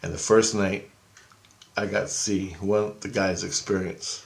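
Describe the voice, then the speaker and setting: Man, casual storytelling, rambling, excitable, fairly low voice, swears a lot. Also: a little slow. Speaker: vlogger.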